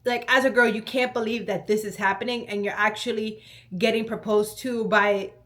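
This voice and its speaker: A young woman recounts a personal story straight to camera in a lively, gossipy storytime vlog. Her voice sits a little high, and she keeps things flowing with casual fillers and emphatic asides. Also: moderate pace. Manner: animated, chatty storytelling with lots of "like" and "let me tell you". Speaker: vlogger.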